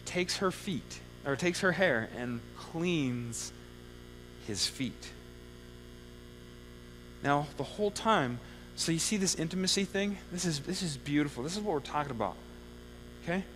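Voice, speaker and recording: A man preaching a sermon in a church sanctuary, with a slightly higher voice that rings out in a long hall reverb. He talks in a loose, conversational way and keeps checking in with his listeners. A faint mains hum runs underneath. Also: animated, unhurried, pauses often, fairly bright tone. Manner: conversational preaching with frequent "okay?" check-ins. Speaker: pastor.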